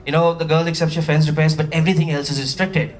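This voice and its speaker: A man from Pakistan doing a chatty, animated stand-up routine, with playful asides to a live audience. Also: fairly high pitch, fast, far from the mic. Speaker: stand-up comedian. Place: comedy stage before a live audience.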